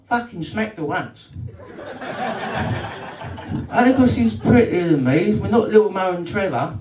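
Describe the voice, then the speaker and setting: A man's voice: high voice, animated, unhurried, long pauses, darkish tone. Cheeky stand-up man in a roomy hall. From England. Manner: cheeky, crude, self-deprecating banter. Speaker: stand-up comedian. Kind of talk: live stand-up set. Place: comedy night in a club function room. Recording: roomy live hall from far off.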